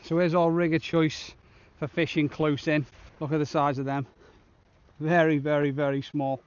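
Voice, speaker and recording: A man's voice: fairly high pitch, flat delivery, moderate pace, clean tone, lo-fi sound. Chatty fishing vlogger man on a beach. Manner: chatty, upbeat, talks to the camera. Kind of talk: casual outdoor vlog narration. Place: outdoors on a beach at sunset.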